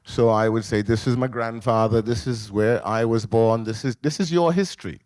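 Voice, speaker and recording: A man in his sixties, a memoir author telling a personal family story at a live book talk, animated and emotional, acting out the people in it. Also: fairly low pitch, moderate pace, dry recording. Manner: emotional, animated storyteller who acts out voices. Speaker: memoir author on a festival panel. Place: live event in a library venue.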